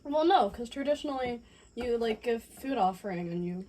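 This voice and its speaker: A woman's voice: on the high side, animated, normal speed, mellow, a little hiss or hum. A woman hosting a casual mukbang chat in her home kitchen, chatty and laughing often. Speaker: host.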